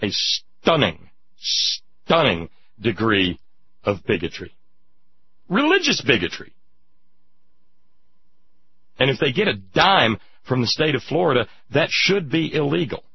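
A man hosts political talk radio in a husky, mid-pitched voice, emphatic and sarcastic as he answers listeners. The recording is dry, dull and lo-fi. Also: huge pitch swings, takes it slowly, long pauses, no room sound. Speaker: radio talk show host.

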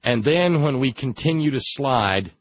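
A man hosting a political talk show, sarcastic and emphatic, slowing down to stress his points. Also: medium pitch, animated, no echo, dull audio. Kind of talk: opinionated political commentary.

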